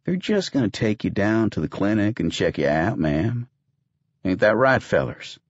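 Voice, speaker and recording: A man's voice: fairly low pitch, sing-song, normal speed, dry recording, dull audio. A man voicing a nervous, evasive rustic ranch foreman with a folksy, ungrammatical drawl. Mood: coaxing.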